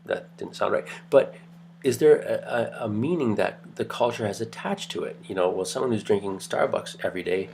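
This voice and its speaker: A man's voice: fairly low pitch, moderate pace, creaky, a little mellow, a little hiss or hum. A middle-aged man giving a casual university lecture, telling anecdotes in a rambling way with many restarts. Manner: rambling, restarts, lots of fillers.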